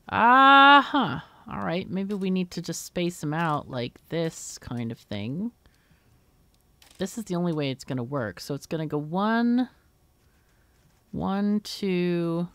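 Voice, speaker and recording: A woman hosting a let's play, talking slowly, with a voice that swings widely as she works through a puzzle game. She mutters and exclaims as she thinks aloud, and the voice is close and dry. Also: fairly low pitch, a little mellow, dry recording. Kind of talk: thinking aloud while gaming.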